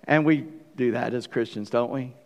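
A man's voice: medium pitch, moderate pace, in a large hall. A man preaching a sermon in a church, asking rhetorical questions and acting out little stories. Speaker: pastor. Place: church sanctuary.

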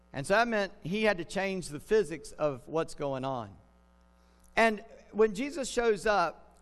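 A man preaching a sermon in a conversational way, putting questions to his listeners. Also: a little high. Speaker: pastor. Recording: long reverb of a large hall.

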